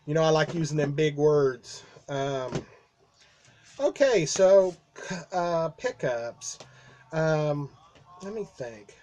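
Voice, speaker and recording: A man telling a long personal story to his vlog camera in a casual, rambling way, with lots of fillers, restarts and chuckles. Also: fairly high pitch. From Midwestern United States. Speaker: vlogger.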